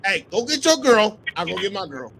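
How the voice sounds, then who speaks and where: High, lively man trash-talking loudly. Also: normal speed, gravelly, noisy background. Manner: loud, teasing, laughing, swings from shouts to mutters. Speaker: podcast co-host. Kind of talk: casual trash-talk banter.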